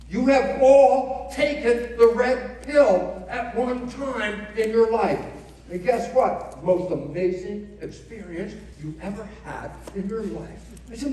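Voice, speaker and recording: A man giving a live lecture, animated, asking rhetorical questions and acting out quoted voices. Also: high voice, unhurried, slight background noise. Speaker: speaker. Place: large hall before an audience. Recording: echoey hall, mic at a distance.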